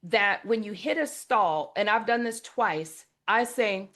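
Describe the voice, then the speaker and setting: A woman hosting an interview podcast, telling stories in a lively, conversational way and speaking to listeners as "y'all". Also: medium pitch, measured pace. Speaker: podcast host.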